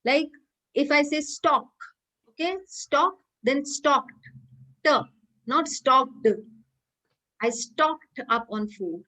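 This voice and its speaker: A woman's voice: high voice, takes it slowly, a bit bright, low-quality recording. A woman teaching pronunciation over a video call, explaining rules patiently and quizzing students by name. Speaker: English teacher. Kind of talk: online class teaching.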